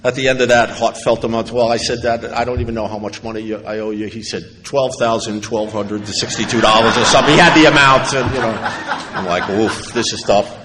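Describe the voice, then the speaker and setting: A middle-aged man from New York speaks at a quick pace with hardly any pauses, his mid-range voice steady in tone. Addressing a recovery convention audience, he tells a personal story with wry humor and acts out what others said. The background is noisy, and the large convention hall adds echo and faint ambience.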